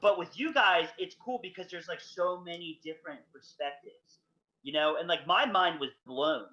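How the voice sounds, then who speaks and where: Chatty man with a bright, lo-fi voice. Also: on the high side, moderate pace. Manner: rambling, filler-heavy, enthusiastic. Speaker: podcast co-host. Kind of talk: casual chat. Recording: dull lo-fi stream audio.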